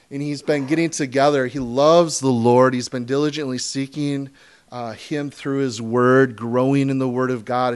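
Conversational male pastor preaching. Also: medium pitch. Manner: conversational, animated preaching with laughs and asides. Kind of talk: sermon.

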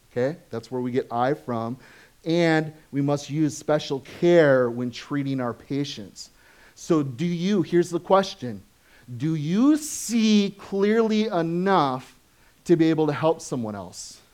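A man preaching a sermon as pastor, conversational and full of questions to the congregation, swinging from animated stories to soft, low asides. He has children of his own. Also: takes it slowly. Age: adult, has children.

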